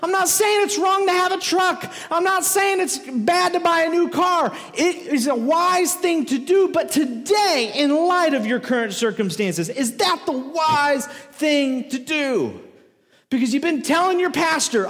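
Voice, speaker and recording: High-voiced preacher in an echoey hall. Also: male voice, lively intonation, unhurried, fairly bright tone. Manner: repetitive, emphatic preaching with rhetorical questions. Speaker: pastor. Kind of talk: sermon. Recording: echoey hall with long reverb.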